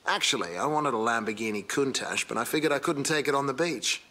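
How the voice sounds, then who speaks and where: A man's voice: mid-range voice, animated, a little fast, pushed and bright, slight background noise. An actor playing an eager male car-hunting sidekick with an Australian accent, an awed and chatty car enthusiast in video game dialogue. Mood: excited.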